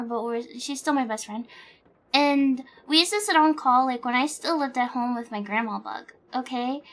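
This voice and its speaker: A woman's voice: sits high, sharp tone. A young woman streamer chatting casually with her viewers, swearing freely and laughing often. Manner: plays a bug persona in her talk. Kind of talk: casual chat.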